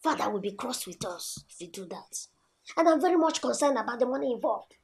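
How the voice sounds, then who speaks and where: Brief: a scheming young prince, high, gravelly and lively. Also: male voice, fairly quick, full character voice. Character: young adult royal son, brash and scheming. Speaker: prince, king's son. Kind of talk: film acting.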